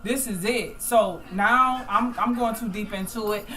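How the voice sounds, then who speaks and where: A woman hosting a group call, telling a story in a loud, emotional, animated way. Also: a little high, measured pace, rough recording. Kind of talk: casual storytelling chat.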